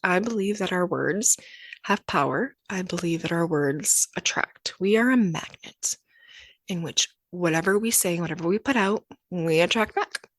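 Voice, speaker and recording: A young adult woman talks through a personal story on her podcast, candid and chatty, slipping into the voices of the people in her story. Her voice sits a little low. The sound is dry and close, with no room around it. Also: moderate pace, no room sound. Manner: candid and conversational, acting out quoted exchanges. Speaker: podcast host.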